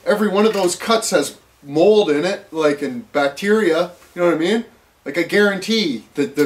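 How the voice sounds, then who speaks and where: A man ranting casually to camera, rambling and profane, full of fillers and restarts. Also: a little high. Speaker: vlogger.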